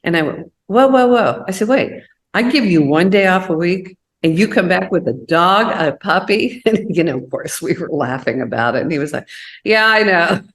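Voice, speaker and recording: A woman's voice: lowish voice, lively intonation, normal speed, fairly bright tone. A woman telling personal stories in a casual chat, acting out the voices of the people she quotes. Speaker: co-host.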